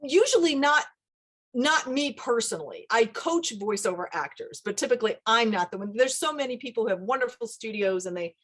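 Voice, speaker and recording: A middle-aged woman, a dialect coach, talking casually in an interview with lively asides. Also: fairly high pitch. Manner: animated, quick asides, laughs often.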